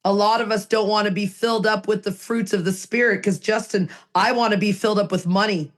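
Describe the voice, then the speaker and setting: Woman podcast co-host, earnest and emphatic, mid-pitched voice. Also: fairly even intonation, fairly quick. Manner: earnest, emphatic, repeats phrases for effect. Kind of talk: casual recovery podcast talk.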